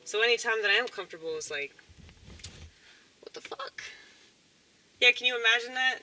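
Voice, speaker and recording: A vlogger with a Southern US accent races through a rambling, casual monologue in a fairly high, lively voice, with music playing underneath. The recording is low quality, and her talk wanders, peppered with profanity, fillers and quick laughs.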